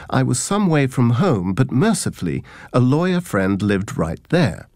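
A man's voice: fairly low pitch, darkish tone, dry recording. Wry man reading humorous memoir tales. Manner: wry, dry, self-mocking storytelling. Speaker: narrator. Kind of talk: scripted narration of humorous memoir anecdotes.

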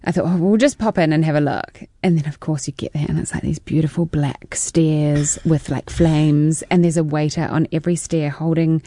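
A woman's voice: sits low, fairly even intonation, normal speed, hardly any pauses, dark tone, no echo. Chatty New Zealand woman in her forties. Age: 40s. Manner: chatty, laughs often, tumbling storyteller. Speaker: actor guest. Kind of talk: casual interview chat.

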